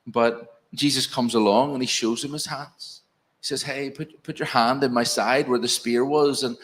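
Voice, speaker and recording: A man with a Northern Irish accent preaching an evening sermon in a church, earnest and pastoral, speaking directly to the congregation. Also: medium pitch.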